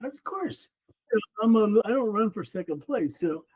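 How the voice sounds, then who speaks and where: A man in his seventies, a former runner and coach, telling stories as a guest on an interview podcast in a lively, animated way. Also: sits high, unhurried, breathy edge, rough recording. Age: 70s. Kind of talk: casual storytelling interview.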